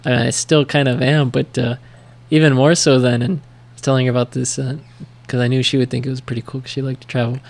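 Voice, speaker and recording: A man's voice: medium pitch, level tone, fast talker, vocal fry, darkish tone. An American man co-hosting a podcast, telling rambling stories in casual chat with lots of fillers. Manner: rambling storyteller, many fillers. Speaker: podcast co-host.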